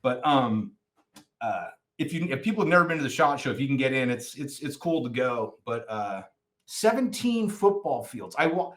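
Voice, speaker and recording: A man's voice: mid-range voice, normal speed. Rambling male podcast guest. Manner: rambling, animated storyteller. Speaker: podcast guest, nonprofit founder. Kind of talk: casual interview chat.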